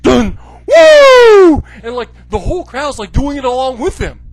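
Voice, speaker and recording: Sarcastic man ranting with lively pitch. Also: brisk, no room sound, soft background music, rough recording. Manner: animated, sarcastic, full of "you know, like". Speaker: wrestling commentary video host. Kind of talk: comedic rant.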